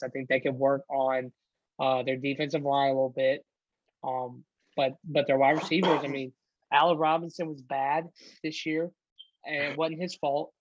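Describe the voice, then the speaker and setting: Casual male podcast co-host, higher voice, dry dull lo-fi sound, rambling sports talk. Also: no echo. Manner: rambling, many ums and restarts.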